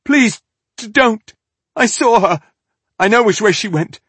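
A man's voice: high voice, steady tone, slow, no room sound, voice pushed up. A man voicing a frightened captive man who stammers and pleads. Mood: terrified.

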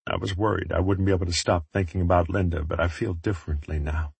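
This is a gruff, gravelly grown man from an audiobook, a hard drinker with a blunt, teasing way of talking, as a man reads him aloud. The voice sits low and rough, and the recording is dry and close. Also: steady tone, fast, no room sound, heavily acted. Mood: wistful.

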